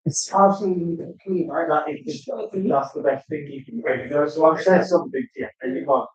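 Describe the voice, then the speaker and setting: A man's voice: fairly high pitch, fairly quick, hardly any pauses. A man in casual chat, joking and laughing through banter. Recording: roomy, distant, muffled sound.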